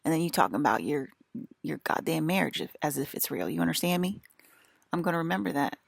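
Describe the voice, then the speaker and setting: A woman's voice: low voice, lively intonation, quick pace, vocal fry, dry recording, clean studio sound. A woman with an American country accent, rambling in an agitated, profane and repetitive monologue as a vlogger.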